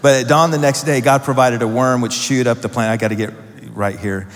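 A man's voice: mid-range voice, steady tone, a little fast. Preaching man in a reverberant hall. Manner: preaching with rising emphasis and playful asides. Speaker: pastor. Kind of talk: sermon. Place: church hall.

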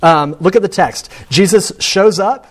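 His voice sits high and his pace is measured as he delivers a conversational sermon. He's chatty and full of stories, starting over often and building toward points with growing emphasis.

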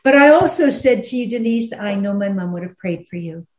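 A woman's voice: medium pitch, animated. Earnest woman host in an echoey room. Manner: earnest, emphatic, slows down on heavy points. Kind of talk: conversational interview. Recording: roomy echo.

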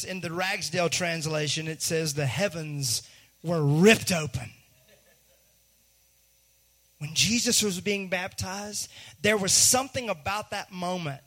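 A man pastor, preaching a sermon in an animated way, dropping to a hush and then rising to a shout. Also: high voice. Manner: animated, swings from hushed to shouting, acts out voices.

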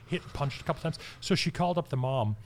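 A man's voice: a little high, quick pace, slight background noise. A middle-aged man, a podcast guest, telling stories in a casual chat with lots of "oh, yeah" and "you betcha". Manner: animated storyteller, frequent "oh, yeah" and "you betcha".

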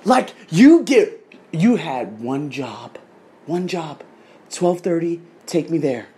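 Animated, profane man in his thirties. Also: on the high side, takes it slowly, a little hiss or hum. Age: 30s. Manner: animated, profane storytelling with mimicked voices. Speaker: coach. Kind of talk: casual vlog rant. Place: abroad in Thailand.

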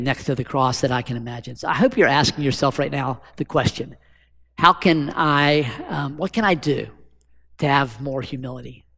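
A pastor delivers a sermon in a conversational way, putting rhetorical questions to his congregation. His voice sits at a medium pitch with some vocal fry, and the recording carries a long hall reverb.

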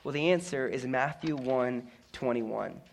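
A man's voice: mid-range voice, measured pace, vocal fry. A man preaching a sermon as pastor, telling a story earnestly with stammered restarts and repeated words.

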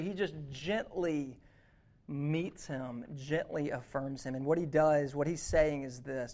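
A young man preaching a sermon as a youth pastor, acting out inner dialogue with God in a lively, conversational way. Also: on the high side, unhurried.

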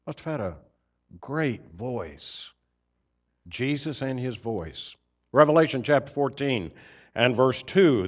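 Earnest preacher man, slightly muffled. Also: mid-range voice. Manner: earnest, swells louder on key points then drops soft. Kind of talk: sermon. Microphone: microphone system.

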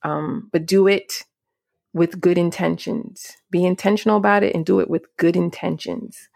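Female solo podcast host, casual and earnest, advice-giving, gravelly, dry close mic. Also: lowish voice, fairly even intonation, moderate pace, a little mellow, no room sound. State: near tears.

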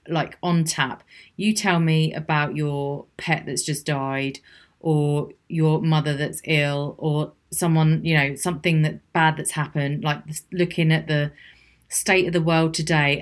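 A woman hosting a solo podcast, talking frankly and reflectively with small laughs. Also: deep voice. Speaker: podcast host. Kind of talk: candid solo podcast monologue.

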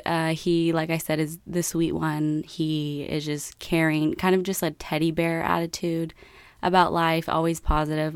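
A woman's voice: deep voice, smooth, dry recording. Giggly young woman telling a story. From United States. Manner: laughing storyteller, animated quoting. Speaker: co-host. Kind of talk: casual chat.

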